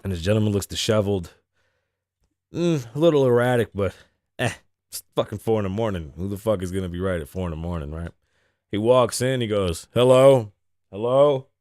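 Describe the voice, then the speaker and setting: A man's voice: lowish voice, expressive, a little fast, darkish tone, no room sound, clean studio sound. A man hosting his show, telling a casual, profane story time with lots of laughing. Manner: laughs often between lines. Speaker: host.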